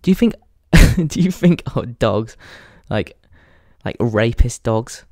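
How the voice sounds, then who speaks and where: A man's voice: medium pitch, expressive, slow, darkish tone, no room sound, clean studio sound. A young English man hosting a podcast, talking in a crude, rambling comic monologue and laughing at his own jokes. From England. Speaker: podcast host. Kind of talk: casual comedic monologue.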